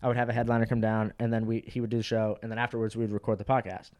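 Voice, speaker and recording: A man's voice: fairly low pitch, little pitch movement, racing, a little mellow. Rambling, profane young man. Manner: rambling, profane, filler-heavy. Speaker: podcast host and stand-up comic. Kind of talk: casual chat.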